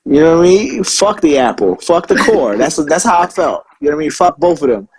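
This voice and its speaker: A man's voice: a little high, brisk, slightly rough, poor audio. Profane, indignant male storyteller. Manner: swears constantly, animated and indignant. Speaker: Marine veteran telling stories.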